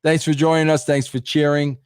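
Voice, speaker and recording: A man hosting a live stream, chatting casually and reacting with quick exclamations. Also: fairly high pitch, level tone, clean tone, dry recording, studio quality. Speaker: podcast host.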